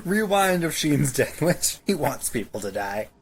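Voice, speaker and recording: A man's voice: on the high side, sing-song, measured pace, breathy edge. A man co-hosting a podcast, ranting sarcastically about a cartoon with lots of swearing and stammered restarts. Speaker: podcast co-host. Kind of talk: casual episode recap chat.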